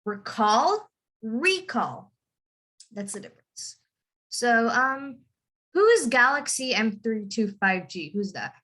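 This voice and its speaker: Bright-voiced young woman teacher. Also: fairly high pitch, expressive, a little slow. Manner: patient, repeats example words to model stress. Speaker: English pronunciation teacher. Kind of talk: online class teaching. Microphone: video call.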